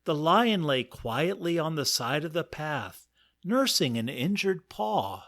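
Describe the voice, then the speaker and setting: A man hosting a comic story podcast, narrating in a dry, measured way with playful emphasis. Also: fairly high pitch, very animated, a bit bright.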